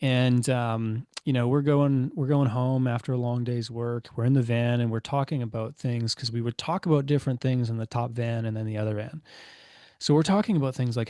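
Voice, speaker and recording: A chatty man in his thirties talks as a podcast guest, swapping into lively quoted voices as he tells his stories. His mid-pitched voice sounds close and dry, with fillers sprinkled through every thought. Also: a little fast, no room sound. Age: 30s. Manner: chatty, many fillers, acts out quoted dialogue. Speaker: podcast guest, business owner. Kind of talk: casual storytelling interview.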